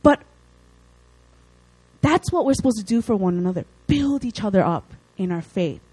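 A young woman preaching a casual, lively sermon, with chatty asides and playful acted quotes. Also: medium pitch, moderate pace, husky, no echo, rough recording.

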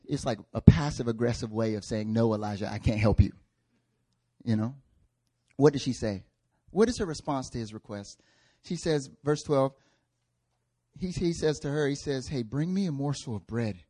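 A man preaching a sermon in a conversational way, acting out biblical figures and building to loud, passionate peaks. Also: a little high. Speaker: pastor.

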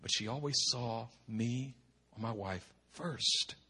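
A middle-aged male pastor preaching a sermon with impassioned emphasis, swinging from hushed tones to shouting and repeating words for effect. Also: medium pitch, takes it slowly, husky. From United States.

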